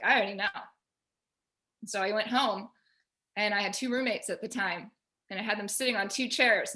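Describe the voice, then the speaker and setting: A woman on a video call at home, telling a personal story in an animated way and quoting herself and others. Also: mid-range voice. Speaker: featured artist guest. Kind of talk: casual video call discussion.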